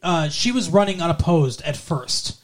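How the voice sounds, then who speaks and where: High-voiced young man, rambling film chat. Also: animated, normal speed. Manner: rambling, full of fillers and restarts. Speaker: podcast co-host reviewing a film. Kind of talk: casual conversation.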